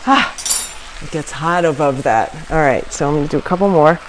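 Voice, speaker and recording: A woman's voice: low voice, a little fast, a little hiss or hum, rough recording. A woman chatting casually while demonstrating a recipe in her home kitchen, giggling and laughing at herself often. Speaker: home cooking vlogger.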